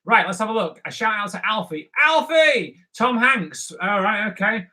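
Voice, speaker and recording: A man hosts a live drawing stream, talking through each sketch as he goes. His voice sits a little high and rings bright and forward. He keeps it playful and chatty, answering viewers on the spot. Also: brisk, poor audio. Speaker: comic artist host.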